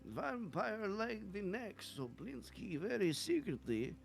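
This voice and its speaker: A man voicing an excitable male creature who speaks boastful broken English and drops his articles. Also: high-pitched, slow, vocal fry, faint music behind, pitched above the performer's own voice, full character voice.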